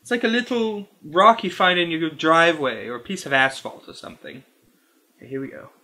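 An actor playing a fussy, squeamish male candy reviewer who hosts a comedy review, talking slowly and over-formally to camera. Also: a little high, sharp tone. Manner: slow, overly formal, wildly swinging delivery.

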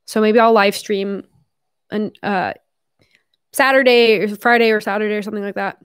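A woman's voice: mid-range voice, steady tone, normal speed, smooth, no echo. A young woman chats casually to her stream audience, full of "like" and the odd swear word. Her voice sounds a little worn after hours of talking. The sound is dry and close, with no room around it. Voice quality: chatty, lots of "like", casual swearing. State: voice tiring from long talking. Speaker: live streamer. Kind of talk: casual live stream chat.

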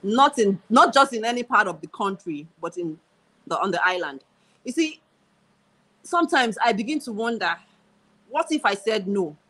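Nigerian lady guest, bright clear voice, repeats herself for emphasis, chatty interview. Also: medium pitch, animated, normal speed, long pauses, poor audio. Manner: emphatic, repeats phrases, frequent laughs. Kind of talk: casual interview conversation.

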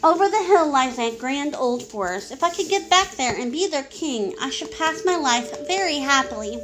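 A woman's voice: sits high, animated, moderate pace, fairly bright tone. A woman reading the part of a big, shaggy male lion.

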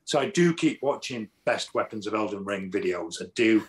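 Animated storytelling man. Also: on the low side, normal speed. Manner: animated storyteller, acts out quoted exchanges. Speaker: actor guest. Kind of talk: casual interview chat.

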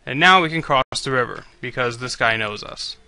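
A man's voice: mid-range voice, animated, brisk, bright, forceful tone, clean tone, no echo. A man commentating on a video game he is playing, swearing constantly and griping sarcastically at the characters. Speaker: let's play commentator.

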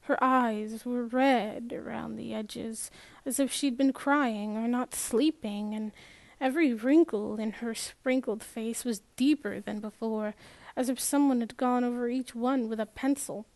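A woman reading a first-person novel aloud in a measured way, with small restarts and slips. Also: fairly high pitch, a little mellow, no room sound. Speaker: audiobook narrator.

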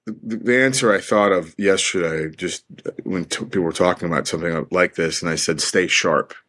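A man's voice: sits low, fairly quick, a bit bright. A man who is an actor, talking earnestly in an interview and repeating phrases like a pep talk to himself. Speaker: actor, podcast guest.

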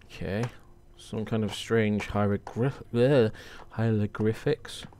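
A man's voice: on the low side, expressive, slow, gravelly, slight background noise. A man commenting jokingly as he plays a horror game, mocking the monsters and talking to them. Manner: joking, sarcastic, talks to the monsters. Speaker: gamer playing a horror game. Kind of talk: let's play commentary.

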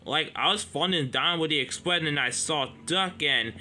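A man's voice: on the high side, moderate pace, sharp tone, a little hiss or hum. A man voicing a big proud male express engine, startled and shaken.

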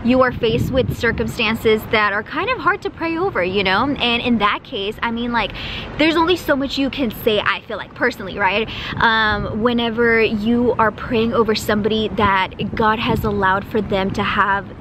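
Brief: young woman vlogger, chatty and excitable, a bit high, phone mic with clear background noise. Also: normal speed. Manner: chatty, excitable, lots of "y'all" and "like". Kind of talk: casual vlog chat to camera.

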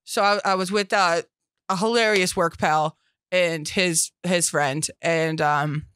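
A young woman co-hosting a podcast in casual chat, jokey and quick to laugh, often repeating words as she goes. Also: lowish voice, steady tone, fairly bright tone, clear, resonant tone, no room sound, studio quality. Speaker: podcast co-host.

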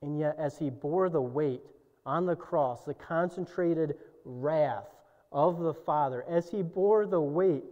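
A young man preaching a sermon, swinging from shouted climaxes to low, quiet passages. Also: slow pace. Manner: impassioned preaching, soaring to shouts and dropping low. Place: church sanctuary. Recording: dull recording with long church reverb.

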